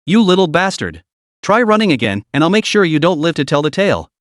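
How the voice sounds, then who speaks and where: A man voicing a brash, trash-talking male magpie beast who bullies others loudly. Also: a little high, sing-song, brisk, dry recording, clean studio sound. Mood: sneering bully. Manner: sneering, bullying, loud.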